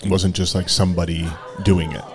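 A man's voice: deep voice, little pitch movement, fairly quick, faint music behind. A man co-hosting a podcast in casual chat, with a dry, wry humor. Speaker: podcast co-host.

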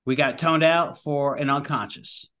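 Bright-voiced firefighter guest. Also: male voice, a little high, fairly even intonation, measured pace. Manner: rambling, many fillers and restarts. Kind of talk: casual conversation.

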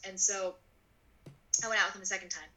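A woman in her twenties telling a personal story in an interview, animated and full of "like", acting out the voices of people in her story. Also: medium pitch, brisk, rough recording. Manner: animated, acts out voices in quotes; filler-heavy, frequent "like". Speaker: guest.

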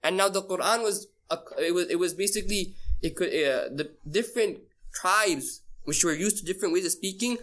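A man's voice: high-pitched, fairly quick, hardly any pauses, a bit bright. A man teaching a casual class, quizzing his listeners and repeating key phrases for emphasis. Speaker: Islamic teacher.

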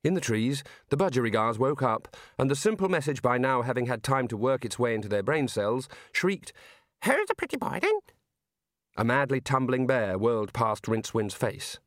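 A man reading a novel aloud as an audiobook narrator, in measured storytelling. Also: medium pitch, no echo, clean studio sound. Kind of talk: scripted narration.

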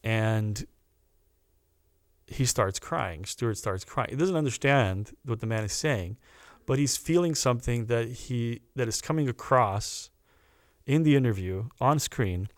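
A man, a podcast guest, telling a personal story in an earnest, animated way and acting out the people he quotes. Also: medium pitch, measured pace, dry recording.

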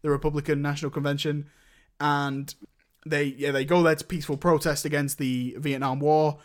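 A man's voice: fairly high pitch, flat delivery, moderate pace. A young man in casual chat, reviewing films with a rambling manner and many restarts. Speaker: podcast co-host reviewing films.

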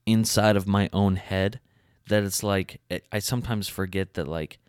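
Deep, laid-back young man. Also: fairly even intonation, normal speed, smooth, no room sound, clean studio sound. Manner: laid-back, hesitant, many fillers. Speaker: podcast co-host. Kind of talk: casual chat. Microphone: podcast mic.

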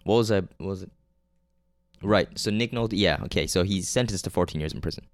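A low-voiced man talks loosely through a movie plot on his podcast, stopping and restarting, swearing freely and forgetting names as he goes. His voice is smooth and clean, and the recording is dry and close with no room sound. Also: a little fast, no echo. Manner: rambling and loose, with many fillers, restarts and frequent swearing; offhand and unpolished, losing names mid-sentence. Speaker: podcast host reviewing movies. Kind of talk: casual solo movie recap.

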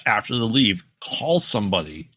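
A man co-hosts a casual podcast with a lowish, bright voice. He is laid-back, drops in short agreements and dry jokes, and the recording sounds close and dry. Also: very animated, moderate pace, dry recording. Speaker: podcast co-host. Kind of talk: casual horror movie chat.

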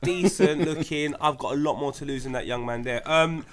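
A man's voice: fairly high pitch, fairly quick, over a noisy crowd. A man co-hosting a casual podcast chat, opinionated and swearing freely. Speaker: podcast co-host.

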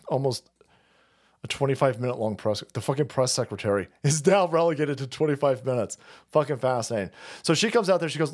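A man's voice: lively intonation, measured pace. A man hosting a political commentary stream, ranting crudely and mocking the clips he plays. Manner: mocking, crude, shouting swings in pitch; does mocking falsetto voices when quoting others.

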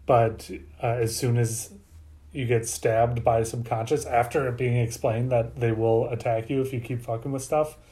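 Mellow-voiced man musing over a film. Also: medium pitch, flat delivery, moderate pace. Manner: rambling and analytical, loose with swearing. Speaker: podcast co-host. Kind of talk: casual movie review chat.

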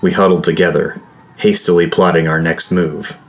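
A man narrating a first-person fantasy adventure in a steady, measured storytelling voice. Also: sits low. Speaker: audiobook narrator.

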